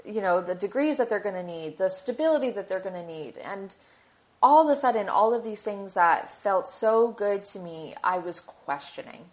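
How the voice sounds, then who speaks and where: A woman's voice: mid-range voice, animated, normal speed. Candid woman telling a personal story. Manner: candid, emotional, swears casually. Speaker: podcast host.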